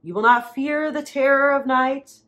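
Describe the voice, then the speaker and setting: Slow, emphatic woman reading scripture. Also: high-pitched, fairly bright tone. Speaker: preacher.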